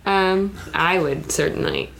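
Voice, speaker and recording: A woman's voice: on the low side, slow, creaky. A woman playing a tabletop game, upbeat and chatty. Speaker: player. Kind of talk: in-character table talk. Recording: echoey room with hiss.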